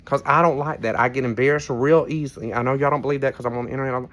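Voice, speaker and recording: Tipsy vlogger, mid-range voice, loose rambling storyteller who curses freely. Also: male voice, mid-range voice, fairly even intonation, racing, fairly bright tone. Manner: chatty, rambling, frank asides and mild cursing. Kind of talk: casual storytelling vlog. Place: cabin on a cruise ship.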